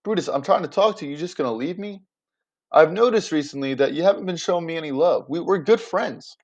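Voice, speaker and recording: A man's voice: a little high, fast talker, a little mellow, dull audio, voice pushed up, natural voice. A man voicing Cassius, a hurt Roman nobleman, in slangy modern paraphrase, pleading with a friend.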